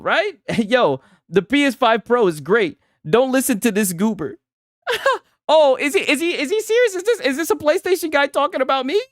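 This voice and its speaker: Mocking, profane man with lively pitch. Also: no room sound, studio quality. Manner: profane, mocking, keeps asking "right?". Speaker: gaming commentary streamer. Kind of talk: casual reaction commentary.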